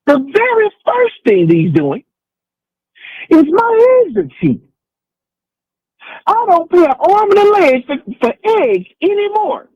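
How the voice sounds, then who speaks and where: A man putting on a whiny high-voiced prank caller. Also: wildly swooping pitch, slow, pauses often, dry recording, lo-fi sound, heavily acted. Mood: pushy. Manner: whiny, complaining, interrupting. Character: whiny male prank caller, pushy Trump fan.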